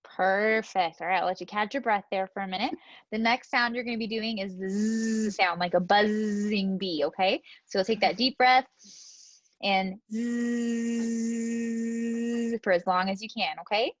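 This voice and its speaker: A woman acting as a speech clinician, coaching a client through exercises in a gentle, encouraging way. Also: mid-range voice, moderate pace, dry recording, dull audio. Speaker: student speech-language clinician. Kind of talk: clinical exam instructions.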